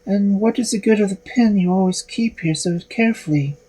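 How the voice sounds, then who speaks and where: A man's voice: high voice, a little fast, dark tone, slightly rough, pitched above the performer's own voice, low-quality recording. A man voicing a frightened but clever young maiden in a storybook reading. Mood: coaxing.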